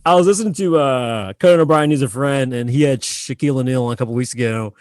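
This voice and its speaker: A man's voice: medium pitch, fast, darkish tone, no echo. A man hosting a comedy podcast, chatty and laughing often. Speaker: podcast host.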